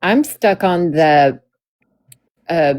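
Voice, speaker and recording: A woman's voice: lowish voice, expressive, drawn-out words, darkish tone, no echo. A married woman chatting casually, telling stories in an earnest, emotional way. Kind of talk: casual chat.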